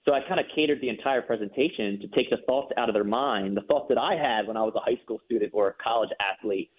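A man's voice: mid-range voice, fast. A man telling his personal story as an interview guest, earnest and emphatic, repeating words when moved. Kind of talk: personal testimony in a faith interview. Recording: phone-line audio.

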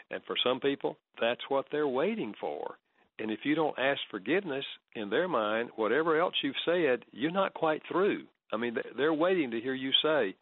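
Low calm guy explaining things on a talk show, phone-line sound, dry. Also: moderate pace, no room sound. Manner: calm, explanatory, quotes others in low soft tones. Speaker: guest author and counselor. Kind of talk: radio talk interview.

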